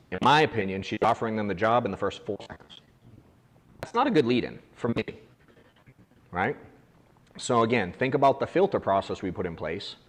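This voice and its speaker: Blunt male agency boss coaching his team, low voice, frank. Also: in a large hall. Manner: blunt, frank, casual swearing. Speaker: agency owner training agents. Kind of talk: casual coaching talk to a room. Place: office meeting room.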